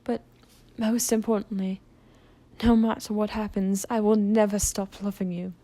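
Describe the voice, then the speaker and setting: A woman plays a gentle aristocratic male owl demon father in a fan audio drama. He speaks softly and apologetically in a mellow, warm tone. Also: medium pitch, little pitch movement, normal speed, close to an everyday voice. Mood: tender.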